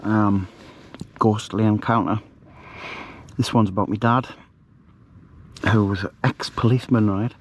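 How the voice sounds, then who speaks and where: A middle-aged man tells a story in a chatty, rambling way, full of fillers and restarts, recorded on a handheld camera outdoors at night. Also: on the low side. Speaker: camper vlogger. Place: outdoors at night in a bivvy bag.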